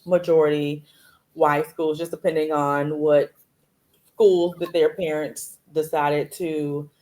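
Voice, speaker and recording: A woman, hosting a casual conversation and telling stories in a relaxed way. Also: deep voice, takes it slowly. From Louisiana, USA. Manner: relaxed storytelling, frequent "like" fillers. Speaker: host.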